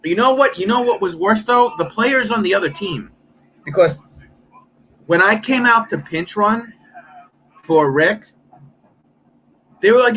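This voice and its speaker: A man in his thirties, chatting casually on a live stream, telling a story with lots of swearing and quick impressions of other people. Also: sits high, a little hiss or hum, low-quality recording. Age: 30s. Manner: profane, animated storytelling, mimics others.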